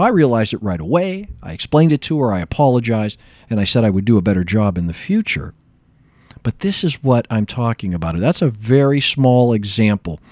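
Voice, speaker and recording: A man's voice: medium pitch, no room sound. A man who works as a therapist explaining a point through a personal story, acting out bits of dialogue. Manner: animated storytelling, acts out dialogue. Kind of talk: explanatory talk with personal anecdote.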